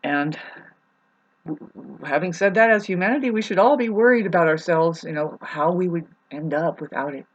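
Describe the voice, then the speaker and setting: A woman in an angry rant to camera about her neighbours, swearing, her voice swinging from shouting to low and sad. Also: normal speed, highs cut off. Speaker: vlogger. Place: home in the mountains.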